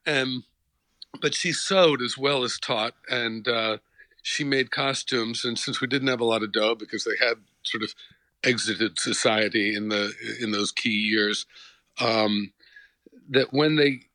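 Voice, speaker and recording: A middle-aged actor from New Jersey, talking reflectively in a casual interview with many restarts. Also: male voice, mid-range voice, a little slow, sharp tone, no room sound, rough recording. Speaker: actor, guest.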